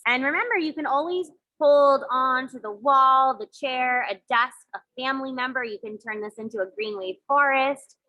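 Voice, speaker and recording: Woman, kids yoga teacher, bright clear voice, gentle and encouraging, playful. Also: high voice, normal speed, hardly any pauses, rough recording. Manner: gentle, encouraging instructions with playful sound effects. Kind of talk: guided kids yoga and mindfulness.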